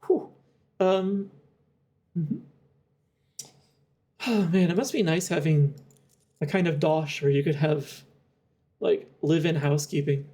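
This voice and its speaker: Young adult streamer, chatty and rambling, soft mellow tone, mid-range pitch. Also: slow pace, pauses often. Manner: rambling, giggly, thinks aloud with many fillers. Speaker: game streamer. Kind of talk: casual live-stream chat while playing.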